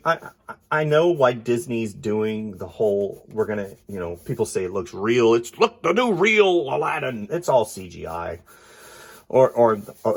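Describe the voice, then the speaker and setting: Drawing as he talks, a congested artist offers casual commentary in a lowish voice. He thinks aloud, and his words frequently fade into soft mumbling.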